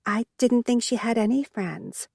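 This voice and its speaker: A woman's voice: fairly high pitch, unhurried, vocal fry, breathy edge, dry recording, studio quality, exaggerated voice. A woman voicing a sad, guarded young maid. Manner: soft, sorrowful and guarded.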